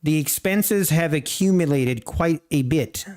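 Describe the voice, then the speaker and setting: A man hosts a live trading stream in a smooth, fairly high voice, talking slowly into a desk mic. He speaks in a halting way, restarting his sentences, and keeps clearing his throat between thoughts. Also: a little mellow. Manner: slow, halting, many restarts, answers chat. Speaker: livestream day-trading host. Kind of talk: casual live-stream chat.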